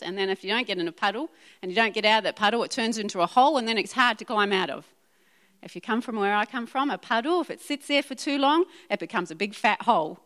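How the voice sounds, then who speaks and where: A woman preaching a sermon to a church congregation, emphatic and animated, repeating her points and speaking directly to the audience. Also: medium pitch. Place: church hall. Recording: reverberant hall.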